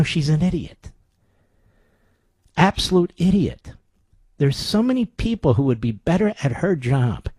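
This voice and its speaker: A man's voice: on the high side, dark tone, dry recording. A man hosting a talk radio show, delivering a sarcastic, combative monologue full of rhetorical questions from a studio microphone.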